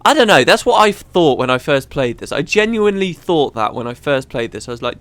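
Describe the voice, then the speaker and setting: Bright-voiced man commentating a game. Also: a little high, expressive, moderate pace, hardly any pauses. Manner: chatty, rambling, reads game dialogue aloud. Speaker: let's play host. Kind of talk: casual gameplay commentary.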